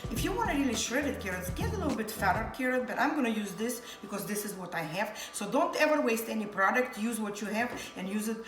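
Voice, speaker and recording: A woman's voice: a little high, very animated, fast, hardly any pauses. A woman hosting a cooking show in her home kitchen, chatty and encouraging as she teaches. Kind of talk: cooking demonstration with mini language lessons. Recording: echoey kitchen, camera mic far off, loud music. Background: loud background music and sizzling pan.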